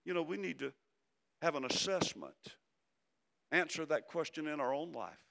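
A man preaching a sermon, swinging from loud emphasis down to hushed, soft phrases. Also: on the high side, lively intonation, normal speed, creaky. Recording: long hall reverb.

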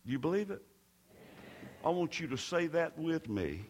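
A man's voice: on the high side, very animated, a little slow, background noise. A male pastor, preaching a sermon with emphasis and leading his congregation in call-and-response.

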